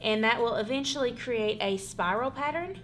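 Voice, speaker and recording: Woman, casual craft tutorial, rambling, soft background music. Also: on the high side, normal speed. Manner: chatty, rambling, says "y'all" and "literally". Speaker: craft vlogger. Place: home, working on a wall hanging.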